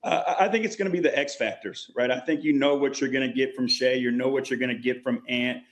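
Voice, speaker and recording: A man, a basketball coach appearing as a guest, giving measured analysis with frequent hesitations. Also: medium pitch, steady tone. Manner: thoughtful, measured, frequent "uh" fillers. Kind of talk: analytical sports chat.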